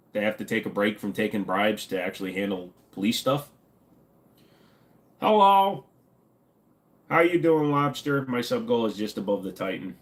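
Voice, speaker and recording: A retired man from the United States, hosting a casual livestream, joking while reading chat aloud. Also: medium pitch. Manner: joking, reading chat, slipping into silly voices. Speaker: livestream host.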